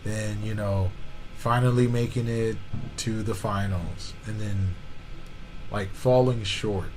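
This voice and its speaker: A man's voice: on the low side, fairly even intonation, takes it slowly, a little mellow, faint music behind, poor audio. A man co-hosting a podcast, arguing about basketball in casual slang and often saying "you know what I'm saying". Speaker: podcast co-host. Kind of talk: casual sports debate.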